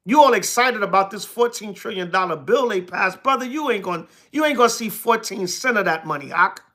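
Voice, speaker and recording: Animated and bright, the elder's high voice moves from slow scripture reading to blunt, repetitive comebacks aimed at his live chat. It's a sermon blended with casual replies on a livestream.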